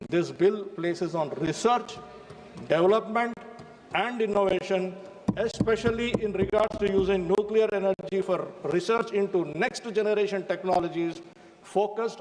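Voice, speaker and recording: An Indian man with a high-pitched voice delivers a forceful parliamentary speech, turning to the chair again and again with a respectful "sir". His voice rings out across a large chamber with a long reverb tail. A faint hum of room noise sits under it. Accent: Indian English. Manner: emphatic, repeatedly addresses the chair as sir. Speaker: member of parliament. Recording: reverberant chamber broadcast feed.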